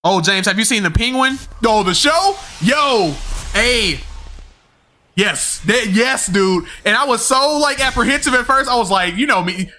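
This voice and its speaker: A young man streams a game and chats with his viewers, rambling in slang with lots of fillers and the odd swear word. His voice is very high-pitched and animated, pushed and bright, at a measured pace.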